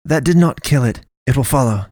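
A man's voice: mid-range voice, lively intonation, fairly quick, a little mellow, dry recording, clean studio sound, pitched above the performer's own voice, natural voice. A man voicing a stern, commanding woman preacher who speaks in an archaic way, within a narrated story. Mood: cold, commanding.

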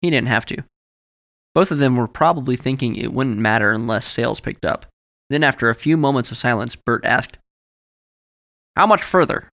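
A man reading a novel aloud as audiobook narrator, telling the story in a measured way and voicing each character. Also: mid-range voice, creaky, fairly bright tone, dry recording, studio quality. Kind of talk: scripted narration.

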